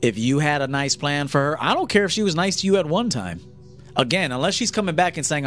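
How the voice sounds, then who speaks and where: A man's voice: fairly high pitch, lively intonation, fast, fairly bright tone, faint music behind. A man giving a blunt, profane lecture to men as a dating coach on a livestream.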